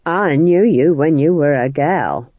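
Brief: bawdy old village witch, voiced by the narrator, snappish and shrill, lively pitch, tinny audio. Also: takes it slowly, dry recording, full character voice. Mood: sneering. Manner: sharp, snapping and shrieking in the quarrel. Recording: tinny phone-like audio, dry.

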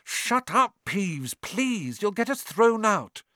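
A man's voice: high voice, big pitch swings, slow, sharp tone, no room sound, clean studio sound, voice pushed up, full character voice. A man voicing an anxious young schoolboy, breathless and pleading, in an audiobook. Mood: tense. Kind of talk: audiobook character voice.

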